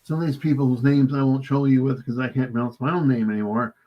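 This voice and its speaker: A man from the United States, guest author in an interview, halting and polite, often saying "sir". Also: medium pitch, steady tone. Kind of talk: casual interview. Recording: dull lo-fi remote line.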